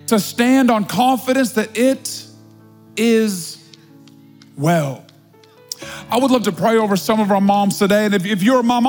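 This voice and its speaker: A man preaching a Mother's Day sermon as pastor, with drawn-out, emphatic repetition. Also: very high-pitched. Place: large church hall. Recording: live sermon with long hall reverb and faint music.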